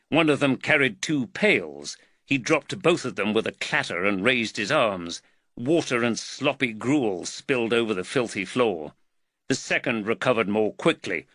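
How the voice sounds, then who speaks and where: A male audiobook narrator reading with measured, expressive storytelling. His voice is bright and his intonation lively. The recording is dry and close to the mic. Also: mid-range voice, no echo. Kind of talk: scripted narration.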